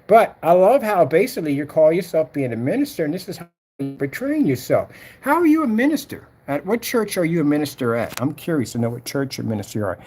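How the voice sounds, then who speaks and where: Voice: medium pitch, dark tone. A vlogger ranting casually to camera, scolding and mocking a troll while reading his comments aloud.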